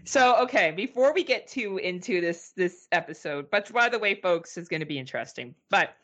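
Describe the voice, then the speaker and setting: A woman's voice: on the low side, lively intonation, moderate pace, a bit bright. A woman in her forties from Canada, co-hosting a podcast in casual chat, chatty, swearing freely and laughing often. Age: 40s. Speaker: podcast co-host.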